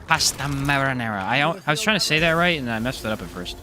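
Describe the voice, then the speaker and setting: Lively chatty male game streamer. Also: a little high, quick pace. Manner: chatty, joking, reads chat aloud. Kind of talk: casual live gameplay commentary.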